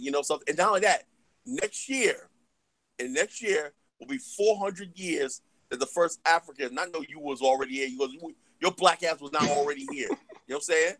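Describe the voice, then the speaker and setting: Male host, rapid heated ranter, leans on filler catchphrases; slightly high voice, dry sound. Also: fairly bright tone, dry recording. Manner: fiery, repeats "you know what I'm saying" and "yep". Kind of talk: heated casual live-stream discussion.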